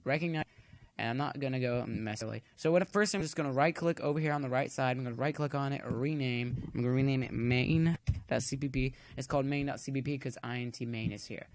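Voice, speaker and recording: A man's voice: medium pitch, brisk, no room sound. Chatty man giving a coding tutorial. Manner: chatty, cracks corny jokes while waiting. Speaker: tutorial maker. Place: at home.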